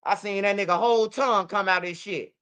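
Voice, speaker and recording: A woman's voice: medium pitch, fairly quick, clean tone. A woman hosting her channel, telling stories in casual, profane, repetitive livestream commentary. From Chicago. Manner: profane, repetitive, animated storytelling. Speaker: channel host.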